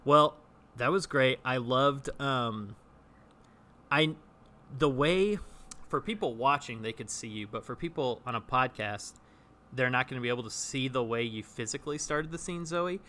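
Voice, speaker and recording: A man's voice: medium pitch, moderate pace, sharp tone. A man co-hosting a casual podcast chat about improv, enthusiastic and full of restarts. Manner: chatty, enthusiastic, restarts often. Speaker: podcast co-host.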